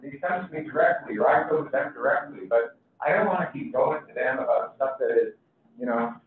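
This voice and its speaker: A man's voice: mid-range voice, slight background noise. A man, a block captain, speaking frankly and critically at a community meeting. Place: city meeting room. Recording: echoey hall, far from mic, phone-like.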